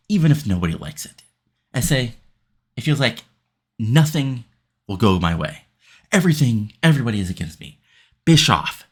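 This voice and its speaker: Brief: man doing an enraged wrestler's promo; low-pitched, animated, defiant. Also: slightly rough, exaggerated voice. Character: angry veteran male wrestler cutting a backstage promo.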